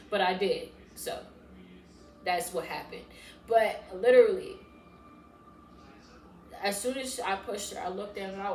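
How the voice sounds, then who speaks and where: A woman, casually telling a storytime on her channel and loudly acting out her past self in bursts. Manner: animated, swings into loud high-pitched re-enactments of her past self. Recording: echoey room with faint background noise.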